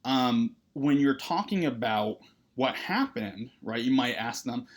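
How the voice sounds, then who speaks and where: A man's voice: mid-range voice, lively intonation, unhurried. Conversational man giving a therapy lecture. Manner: conversational, frequent "right?" and "uh". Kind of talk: recorded lecture.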